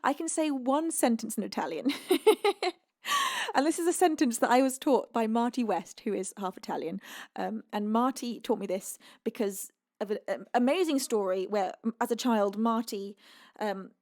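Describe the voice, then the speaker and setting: Giggly uk woman chatting on her stream, bit higher voice, reads chat out loud. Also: moderate pace. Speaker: singer-songwriter streaming host. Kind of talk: casual live-stream chat.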